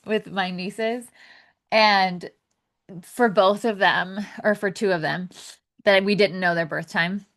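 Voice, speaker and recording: A woman's voice: medium pitch, a bit bright. A young adult woman hosting a podcast, talking casually on her own with lots of fillers, restarts and small laughs. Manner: chatty, full of fillers and laughs. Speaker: podcast host. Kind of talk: casual solo podcast talk.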